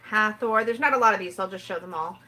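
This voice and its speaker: A woman's voice: medium pitch, quick pace, bright, forceful tone, poor audio. A woman hosting a casual livestream, chatting in a rambling way and reading out viewer comments. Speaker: tarot livestream host.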